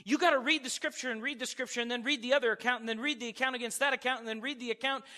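A man's voice: very high voice, steady tone, racing, pushed and bright. A man preaching a sermon, teaching verse by verse, asking his listeners questions and acting out the people he quotes. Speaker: pastor. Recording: long hall reverb.

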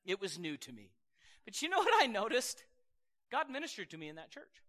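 Animated high-voiced pastor in a church hall. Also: male voice, fairly quick. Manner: conversational, laughing asides, animated storytelling. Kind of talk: sermon. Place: church sanctuary.

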